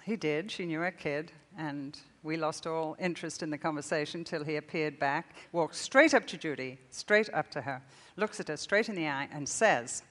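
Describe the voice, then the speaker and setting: An older woman giving a sermon, telling stories with warmth and laughter. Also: low voice, normal speed. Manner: storytelling with laughter. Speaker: speaker. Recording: long reverb of a hall.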